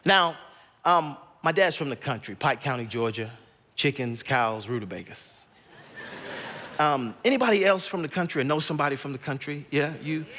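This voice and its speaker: A guest pastor in his thirties stands on a church auditorium stage, telling a personal story in his sermon and acting out his family members' voices. His fairly high voice has lively intonation and a bright, forceful tone at normal speed, and the large hall adds a long reverb.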